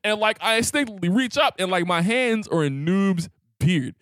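A man's voice: high-pitched, animated, moderate pace, a bit bright, no echo, clean studio sound. A man co-hosting a podcast, telling a crude story in casual chat with lots of animation. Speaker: podcast co-host.

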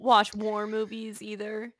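A woman's voice: mid-range voice, completely flat delivery, a little slow, fairly bright tone, dry recording. Upbeat young woman co-host, encouraging, dry recording. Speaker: podcast co-host. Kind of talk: casual chat.

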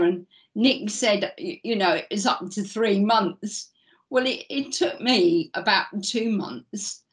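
A woman speaking as a panel guest, measured and full of fillers. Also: medium pitch. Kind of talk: panel discussion.

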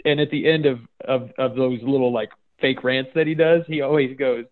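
A man's voice: mid-range voice, steady tone, moderate pace, few pauses. A man hosting a casual chat, reading funny posts aloud and laughing often. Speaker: podcast host. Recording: phone-like narrow sound.

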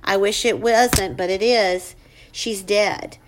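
A woman voicing a tired, grieving older mother who speaks in a low, sorrowful way. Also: steady tone, slow, slight background noise, natural voice.

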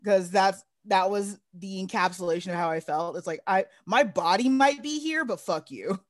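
A woman co-hosting a podcast in casual chat, sarcastic and profane with quick asides. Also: mid-range voice, dry recording, clean studio sound. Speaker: podcast co-host.

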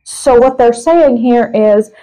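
A woman's voice: fairly high pitch, slow pace, warm tone, low-quality recording. A middle-aged woman co-hosting a podcast in casual chat, reading passages aloud in a dry, wry way. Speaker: podcast co-host.

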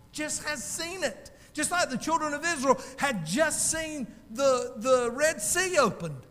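A male pastor preaching a sermon in a folksy, animated storytelling way, calling out to his congregation. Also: extremely high pitch, in a large hall.

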